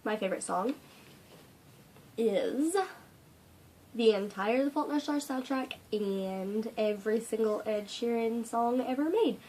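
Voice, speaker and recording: A woman's voice: on the high side, measured pace, pauses often, dark tone, a little hiss or hum. A teenage girl hosting a casual fandom Q&A vlog from home, gushing with dramatic asides. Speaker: fandom channel host. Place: home room.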